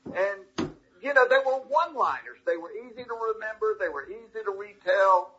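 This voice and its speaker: A middle-aged man from Georgia in the US South, a comedian appearing as an interview guest, tells a story in a folksy, good-natured way with a thick Southern drawl. His voice is high, bright, expressive and forceful at a normal speed. The lo-fi audio is slightly dull, with a little background noise.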